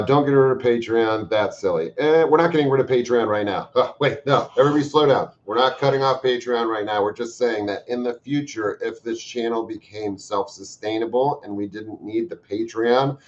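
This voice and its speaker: Low guy swearing and joking on a live stream, kinda dull lo-fi sound. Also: slight background noise. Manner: profane, joking, bursts of loud emphasis. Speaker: livestream host reading viewer comments. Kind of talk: casual livestream chat. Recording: slightly dull lo-fi stream audio.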